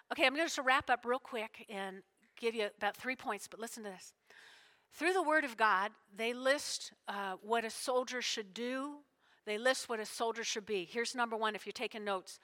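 A woman's voice: on the high side, bright, forceful tone. A woman pastor preaching a sermon, emotional and full of call-and-response with her congregation.

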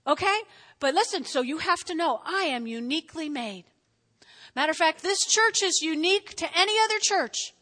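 A middle-aged woman pastor delivers a sermon in a chatty, animated way, pausing often to check in with her listeners. Her voice sits high and sounds bright and forceful. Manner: lively, conversational preaching with frequent "all right?" check-ins.

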